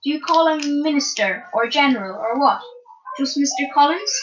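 A woman's voice: high voice, animated, normal speed, a little hiss or hum, voice pushed up, poor audio. A woman reading aloud, voicing a spirited young girl who asks eager questions. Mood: curious.

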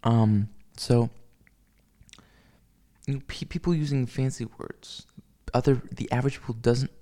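A man's voice: mid-range voice, unhurried, dark tone. A man rambling in a casual solo monologue, ranting with lots of swearing, fillers and restarts. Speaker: vlogger.

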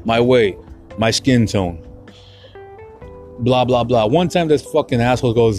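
A man's voice: mid-range voice, unhurried, long pauses, a little mellow, faint music behind. A young man hosting a podcast, swearing hard and stumbling over his words as he talks through painful memories, close to tears. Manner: profane, emotional, getting choked up; heavy swearing, repeats himself. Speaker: podcast host. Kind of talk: solo podcast monologue.

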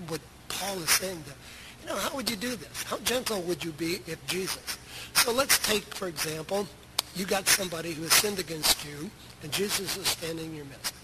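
Middle-aged male pastor, sermon, conversational preaching, rhetorical questions, slightly high voice, heavy background noise. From United States. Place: church sanctuary.

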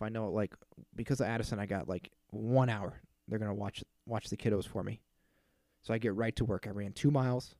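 A man's voice: lowish voice, brisk, darkish tone, no room sound, clean studio sound. A man in his thirties hosting a casual solo podcast, ranting in an exasperated, profane way and mocking the people he quotes. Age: 30s. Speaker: podcast host.

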